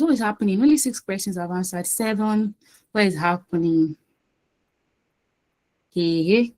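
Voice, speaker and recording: A woman's voice: medium pitch, a little mellow, poor audio. A woman hosting an online quiz session on a video call, chatty and coaxing, often repeating herself. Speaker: quiz host and session facilitator.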